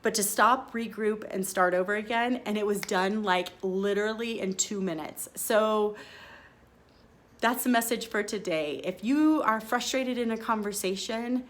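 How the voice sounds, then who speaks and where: Woman hosting her own show, casual story chat, super expressive, acts out what she said. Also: medium pitch, a little slow. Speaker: podcast host.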